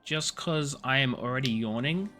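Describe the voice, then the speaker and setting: A man's voice: mid-range voice, normal speed, sharp tone. A tired, yawning man streaming a game, who talks in a casual, playful, self-mocking way and mutters to himself, with faint game music behind. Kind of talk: casual gaming stream chat.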